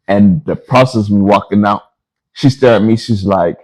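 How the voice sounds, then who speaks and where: Animated and playing out each character, a man hosting a podcast relates a story in casual conversation. He speaks at normal speed with a fairly low voice, and the audio is poor.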